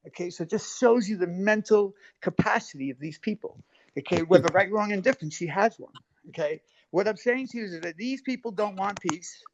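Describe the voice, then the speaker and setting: A man's voice: sits high, brisk, dry recording. A man arguing heatedly on a live stream, defensive and swearing, cutting in over others. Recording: dull lo-fi stream audio.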